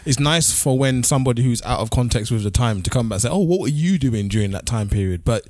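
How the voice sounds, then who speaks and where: A man's voice: mid-range voice, animated, fast, darkish tone, no echo. A man co-hosting a casual podcast chat, agreeing along and then pushing back with reasoned points. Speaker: podcast co-host.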